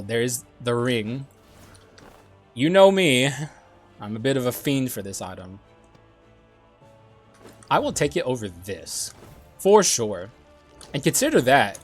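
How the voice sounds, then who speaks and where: A young man giving casual gameplay commentary, excitable and swearing often, clearing his dry throat now and then. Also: mid-range voice. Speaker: gaming YouTuber.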